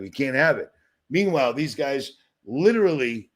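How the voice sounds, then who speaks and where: A man's voice: medium pitch, big pitch swings, moderate pace. A man from Boston hosting a livestream, talking in a sarcastic, agitated, rambling rant while sharing his screen. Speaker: livestream host. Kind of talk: ranting livestream commentary.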